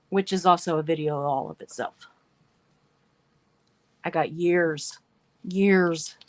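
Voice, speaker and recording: Slow, wry woman reading aloud. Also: lowish voice, no room sound. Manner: deliberate, wry asides between read passages. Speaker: livestream show host.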